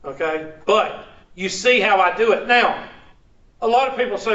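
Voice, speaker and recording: A man's voice: sits high, normal speed, a bit bright. A man teaching a math class, joking with students and asking them to finish his sentences. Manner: joking, asks the class to fill in words. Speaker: math instructor. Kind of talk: classroom lecture. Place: large classroom. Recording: echoey, dull, distant classroom recording.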